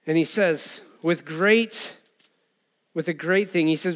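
A pastor with a slow, somewhat bright voice on the high side preaches conversationally to his church. As he tells the story, he acts out the voices of the crowd and the beggar.

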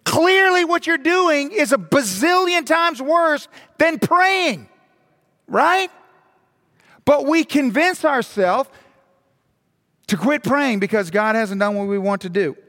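A male pastor preaching a sermon in an animated way, firing rhetorical questions and repeating words for emphasis. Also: extremely high pitch, takes it slowly. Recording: long hall reverb.

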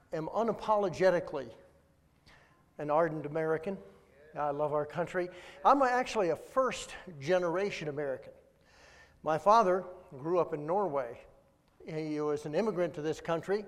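Older man preaching in an echoing hall. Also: a little high. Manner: folksy, animated storytelling. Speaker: guest speaker. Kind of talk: sermon with storytelling. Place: large church sanctuary. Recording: long reverb of a large hall. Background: congregation.

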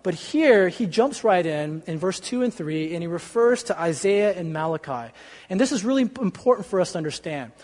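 Pastor preaching casually with quips, high-pitched man, reverberant church. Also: moderate pace. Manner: lively, conversational, joking asides. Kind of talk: sermon.

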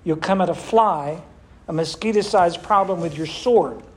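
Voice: mid-range voice, moderate pace. A pastor leading a church discussion, preaching emphatically and asking rhetorical questions, affectionate with members. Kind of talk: sermon and group discussion.

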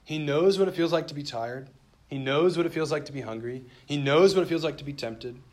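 A man preaching a sermon in an earnest, measured way, slowing down and dropping softly for emphasis and reading scripture aloud with heightened feeling. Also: fairly high pitch. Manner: earnest, measured preaching with dramatic slowdowns and soft drops. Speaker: pastor.

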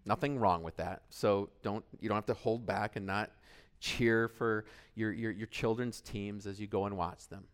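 A middle-aged man preaching a sermon, animated, swinging between shouted cheers and quiet asides. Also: fairly low pitch, normal speed, clear, resonant tone. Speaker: pastor.

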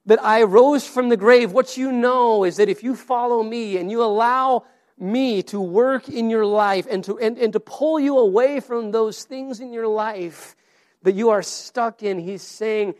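Man, pastor, sermon, high-pitched, earnest, repeats words. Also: unhurried.

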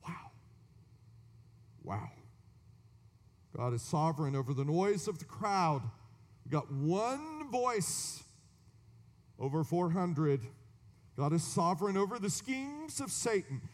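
Slow, dramatic male preacher in a hall. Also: big pitch swings. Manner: dramatic preaching, drops to whispers and rises high for emphasis. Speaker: pastor. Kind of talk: sermon.

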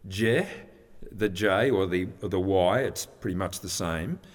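A man's voice: deep voice, measured pace. A man preaching a sermon, explaining scripture in a conversational, teaching way with frequent restarts. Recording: long hall reverb.

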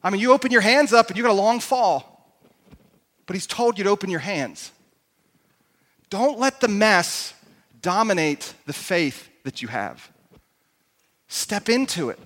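A man pastor preaches an animated sermon with a lot of emphasis. His voice sits high and sounds bright and forceful. It echoes through a large church hall. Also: a little slow, long pauses.

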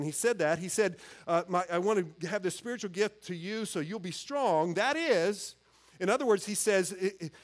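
A man preaching a sermon in an earnest, conversational way, often restarting his phrases. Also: high voice. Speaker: pastor.

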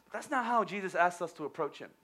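High bright-voiced pastor, energetic, telling stories in a sermon. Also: male voice, fast. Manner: energetic storytelling, with restarts and stumbles.

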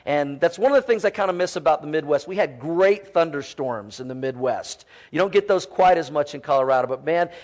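A man in his forties, a pastor preaching a sermon in a church, animated and often quoting children's voices. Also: fairly high pitch, fairly quick, hardly any pauses.

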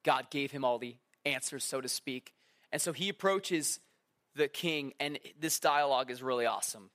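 A man preaching a casual sermon, talking to the crowd like a friend, with quick asides and acted-out quotes. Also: medium pitch, a bit bright. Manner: conversational, acts out quotes, many asides.

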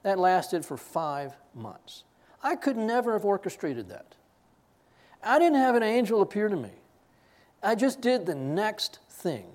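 Brief: preacher, male, storytelling sermon, lively up-and-down pitch, stumbling restarts. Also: measured pace. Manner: animated, self-deprecating anecdote with many restarts. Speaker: pastor.

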